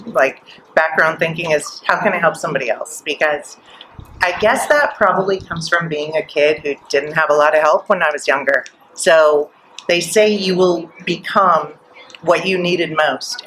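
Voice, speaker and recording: A middle-aged woman guest at a live podcast event, telling her story in an animated way and acting out the voices she quotes. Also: low voice, a little hiss or hum, rough recording.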